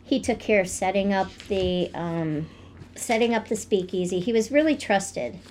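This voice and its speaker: A woman co-hosting a podcast, telling stories in a relaxed way with fillers. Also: mid-range voice, moderate pace, slight background noise. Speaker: podcast co-host. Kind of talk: casual storytelling chat.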